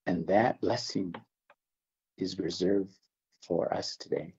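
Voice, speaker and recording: A man from the Navajo Nation, older, giving an earnest religious testimony in an interview, halting and restarting his words. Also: sits low, fairly even intonation, dark tone, dull audio. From Navajo Nation, American Southwest. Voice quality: gravelly, husky. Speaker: interview guest.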